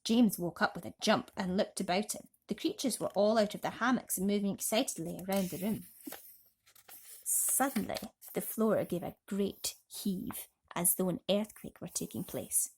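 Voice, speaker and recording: A woman reading a bedtime story aloud in a gentle, expressive way. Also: mid-range voice, moderate pace, husky. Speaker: storybook reader.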